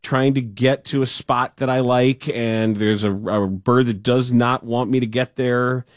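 A man's voice: medium pitch, steady tone, a little slow, dry recording. Dry-humored male talk radio host. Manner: dry, joking.

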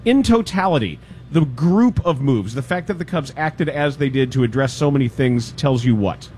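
A man's voice: medium pitch, animated, normal speed, a little mellow, a little hiss or hum. A man hosting sports talk radio, wry and bantering.

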